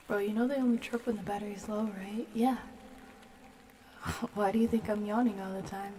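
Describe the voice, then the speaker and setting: A young adult woman streaming, chatting playfully and slipping into soft whispers at a close microphone. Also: mid-range voice, steady tone, fairly quick, noisy background. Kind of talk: casual ASMR chat.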